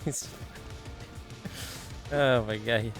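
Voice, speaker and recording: A man's voice: mid-range voice, steady tone, drawn-out words, over loud music. A man streaming a game, chatting casually, laughing a lot and repeating the game's lines. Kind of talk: casual gameplay commentary.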